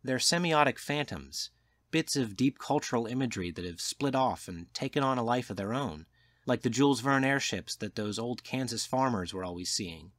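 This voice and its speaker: A man's voice: mid-range voice, expressive, normal speed, a bit bright, dry recording, close to an everyday voice. A man doing a wry, cynical journalist. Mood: explaining. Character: wry cynical male journalist, lecturing, worldly. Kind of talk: audiobook character voice.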